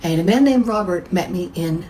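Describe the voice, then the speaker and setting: A woman's voice: lowish voice, expressive, moderate pace, warm tone, slight background noise, poor audio. A middle-aged woman, a massage therapist, telling a personal story in a chatty way and acting out the people she quotes. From United States.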